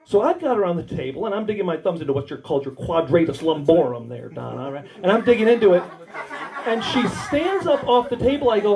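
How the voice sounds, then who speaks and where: A man's voice: high-pitched, very animated, fast, creaky, poor audio. A man with an Australian accent doing a crude stand-up storytelling set at a warehouse comedy night. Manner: crude storytelling, acts out quoted voices. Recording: loud live crowd laughter.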